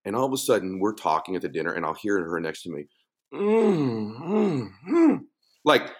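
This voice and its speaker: A middle-aged man spinning an animated story as a podcast guest, his pitch leaping up and down as he goes. He laughs easily and mimics other people's voices along the way. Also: quick pace. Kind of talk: storytelling conversation.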